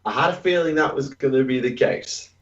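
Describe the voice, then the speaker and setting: A man's voice: mid-range voice, fairly quick. Distant, muffled man on a podcast call. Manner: rambling and hesitant, with many fillers. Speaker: podcast co-host reading listener questions. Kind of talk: casual podcast chat.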